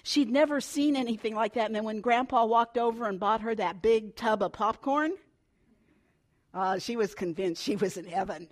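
Older woman preacher, slightly high voice, storytelling sermon that drops to a hush and swells again. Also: moderate pace. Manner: storytelling, swings between hushed and loud.

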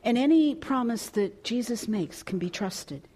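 A woman pastor delivers a storytelling sermon in an unhurried, measured way. Her voice sits a little on the high side. She is expressive, and at times she lowers to a soft, hushed tone. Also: husky.

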